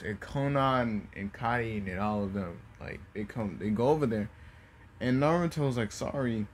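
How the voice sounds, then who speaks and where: A man casually retelling a fan story, halting often with fillers and restarts. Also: medium pitch, a little hiss or hum.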